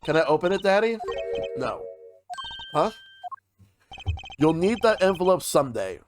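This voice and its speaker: Male streamer, slightly high voice, reads game dialogue aloud with voices; faint music behind. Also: sing-song, a little slow. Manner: voices each character, drops into casual asides.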